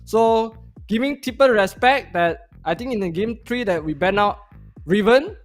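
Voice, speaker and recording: A man interviewed as a pro player over a call, explaining calmly in detail with non-standard grammar. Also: sits high, normal speed. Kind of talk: post-match interview. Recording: faint music behind.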